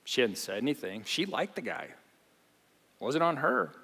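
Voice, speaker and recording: A man preaching a sermon in a church, animated, often repeating and restarting his phrases. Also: medium pitch, normal speed, slightly rough. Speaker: pastor. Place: church auditorium. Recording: long reverb of a large hall.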